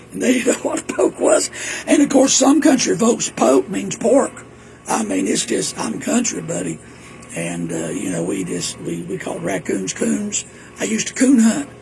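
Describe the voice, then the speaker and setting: A man's voice: sits high, gravelly, a little mellow, slight background noise. A man, a preacher rambling through folksy memories in a casual monologue. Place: indoors at home.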